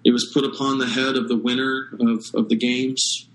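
Man, pastor, sermon, earnest, emphatic pauses, mid pitch. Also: flat delivery, fairly bright tone, poor audio.

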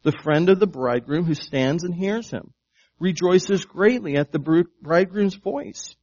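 A man's voice: high-pitched, animated, measured pace, darkish tone, lo-fi sound. Man preaching a conversational sermon. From United States. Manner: conversational preaching, asks the congregation questions, repeats words. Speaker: pastor.

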